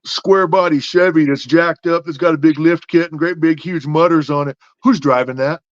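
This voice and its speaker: A man hosts a casual podcast and makes his case with one rhetorical question after another. His voice sits a bit high. The sound is dry and slightly dull. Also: steady tone, moderate pace, dry recording. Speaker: podcast host.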